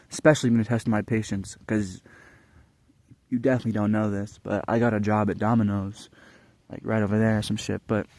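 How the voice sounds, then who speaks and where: A man's voice: on the low side, flat delivery, fairly quick, pauses often, a little mellow, no echo. Rambling, foul-mouthed young man. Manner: profane, rambling, frequent restarts. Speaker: vlogger. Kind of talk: casual rambling monologue.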